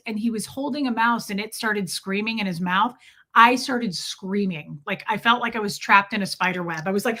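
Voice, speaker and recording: A woman's voice: mid-range voice, moderate pace, pushed and bright. A woman hosting a casual livestream from her rural home, chatting with viewers, thanking them by name and swearing freely. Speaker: livestream host.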